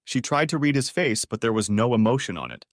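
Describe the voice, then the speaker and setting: A man's voice: medium pitch, big pitch swings, brisk, no room sound, clean studio sound. Man narrating a dramatic audiobook. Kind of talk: scripted story narration.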